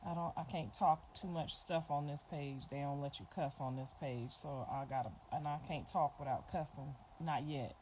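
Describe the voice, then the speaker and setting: Middle-aged woman going live on her phone, kinda low voice, blunt and repeating herself, noisy background. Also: normal speed, hardly any pauses, darkish tone. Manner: blunt, repetitive, emphatic. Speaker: livestreamer. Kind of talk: casual livestream talk to viewers.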